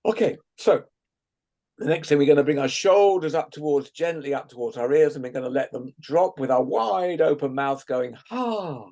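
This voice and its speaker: A man leading a guided laughter exercise over a video call, playful and gently coaxing, often laughing. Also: on the high side, moderate pace, gravelly. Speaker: laughter workshop leader.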